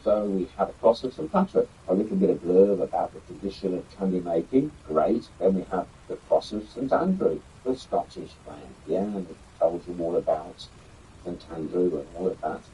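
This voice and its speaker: In this low-quality recording with a little background noise, an older YouTube history host talks casually about an old keepsake, wandering off track and dropping filler words. His voice sits low and sounds dark. He speaks at a normal speed but stays animated, presenting it like show-and-tell.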